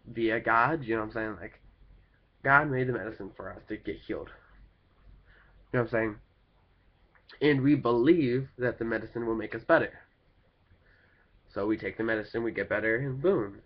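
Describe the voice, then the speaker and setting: A young man at home rambles through a casual vlog, packing his talk with fillers and loose asides. He is sick with a cold and sounds it. His medium-pitched voice comes through a dull, lo-fi home recording. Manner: rambling, full of "like" and "kinda thing" fillers. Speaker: vlogger.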